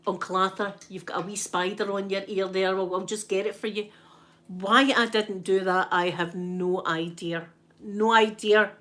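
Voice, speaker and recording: A Scottish woman telling a story to her live chat in a casual way, acting out what people said and often asking "right?". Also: mid-range voice. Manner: animated, tags lines with "right?", acts out what people said. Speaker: ASMR streamer chatting with viewers.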